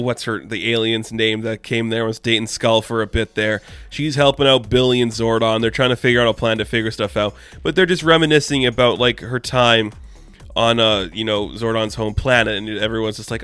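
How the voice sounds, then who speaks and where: A man's voice: medium pitch, fairly quick, fairly bright tone, smooth, no echo. A man giving a casual comic book review, chatty and loose, full of "like" and "you know".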